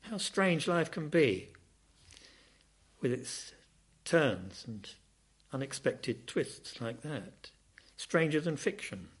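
A man's voice: on the high side, sing-song, slow pace, pauses often, slightly rough. A man preaching a sermon, telling a Bible story with dramatic, rising and falling emphasis.

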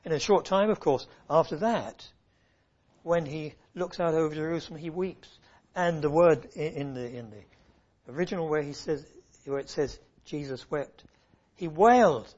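A man's voice: on the high side, normal speed, darkish tone. A man preaching an earnest sermon, swelling and dropping his voice for emphasis. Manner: earnest, rising and falling emphasis. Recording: muffled lo-fi recording.

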